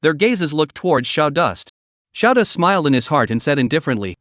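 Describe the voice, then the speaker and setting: A man narrating a fantasy comic story in scripted form, with steady storytelling delivery. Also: a little high, brisk, no echo, studio quality. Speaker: recap narrator.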